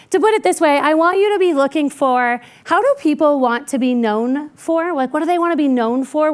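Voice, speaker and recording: A woman speaking as a keynote speaker, telling workplace stories conversationally and acting out what people said in quieter voices. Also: high-pitched. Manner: lively, acts out quoted people in quieter voices; conversational with frequent "like" and "right?". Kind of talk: keynote storytelling.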